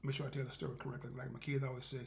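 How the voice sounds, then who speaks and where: In a rapid-fire, mid-range voice with vocal fry and little pitch movement, a man hosts a motivational show. He spins a rambling, folksy story about doing the right thing and adds spiritual encouragement, all as a casual monologue.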